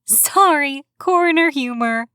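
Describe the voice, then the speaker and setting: A woman's voice: sits high, lively intonation, a little slow, sharp tone, no echo, voice pushed up, heavily acted. A woman voicing a chatty, giggly young woman in her twenties in an audiobook. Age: 20s. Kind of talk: audiobook character voice.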